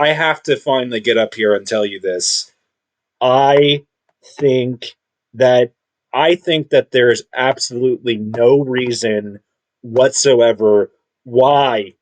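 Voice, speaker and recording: Rambling, combative man thinking aloud. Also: mid-range voice. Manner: rambling, halting, many restarts and fillers; combative, self-assured. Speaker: video commentator. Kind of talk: unscripted monologue.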